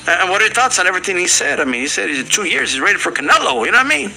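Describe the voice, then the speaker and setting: A man hosting a boxing panel podcast in casual chat, animated and quick to laugh and imitate others. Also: high-pitched, creaky, low-quality recording. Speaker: podcast host.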